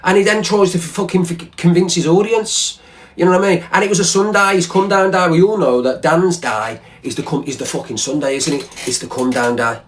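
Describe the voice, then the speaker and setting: A man's voice: high-pitched, brisk. A man ranting angrily on a livestream, swearing and repeating himself. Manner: heated, profane, repetitive. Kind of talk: angry livestream rant.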